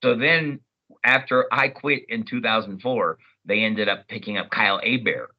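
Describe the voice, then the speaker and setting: Animated male voice actor telling stories. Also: lowish voice, moderate pace, highs cut off. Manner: animated, storytelling, jumps into character voices. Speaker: voice actor guest. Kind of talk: casual interview chat.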